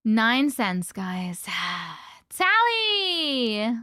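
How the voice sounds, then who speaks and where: A woman's voice: fairly high pitch, big pitch swings, very slow, sharp tone, clean tone, dry recording, clean studio sound. A woman hosting a livestream, chatting casually with viewers, greeting them by name and laughing often. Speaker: livestream host.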